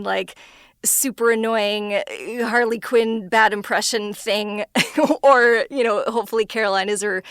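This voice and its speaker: A woman voice actor talks casually in an interview, easily laughing between thoughts. Her voice is smooth and clear, and it sits in the middle of the range for a woman. The recording is dry and close. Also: a bit bright, dry recording. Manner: self-described higher-pitched voice. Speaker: voice actor guest.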